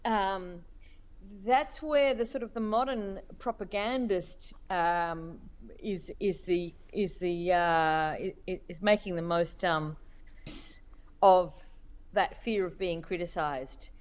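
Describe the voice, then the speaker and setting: A woman being interviewed as a cartoonist, speaking in a thoughtful, halting way as she searches for words. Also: lowish voice. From Australia. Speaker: cartoonist guest. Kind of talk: reflective interview talk.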